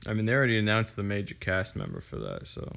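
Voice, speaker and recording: Lively low-voiced man cracking dry jokes. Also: quick pace, vocal fry. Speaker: podcast co-host. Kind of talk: casual chat.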